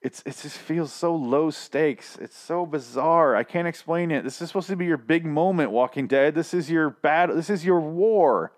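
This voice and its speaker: Hoarse, exasperated man ranting. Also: on the high side, normal speed, few pauses. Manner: exasperated, profane, repetitive. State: hoarse, losing his voice. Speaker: TV show reviewer. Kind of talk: casual ranting review.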